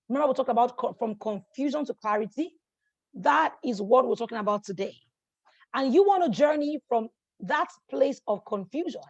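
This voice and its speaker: A woman hosting a motivational masterclass, energetic and encouraging, who keeps checking in with her audience and repeats phrases for emphasis. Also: on the high side, dry recording, highs cut off. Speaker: life coach hosting a masterclass. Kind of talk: motivational teaching talk.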